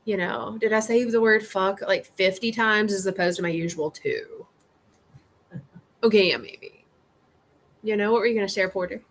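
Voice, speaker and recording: A woman leading a casual group discussion, animated, acting out inner voices and swearing freely. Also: medium pitch, normal speed, long pauses. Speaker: group facilitator.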